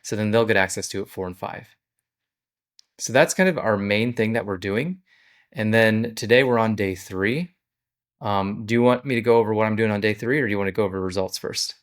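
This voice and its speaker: Low-voiced man explaining his business. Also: fairly quick. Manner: conversational, walks through steps plainly. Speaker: business owner. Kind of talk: casual business vlog explanation.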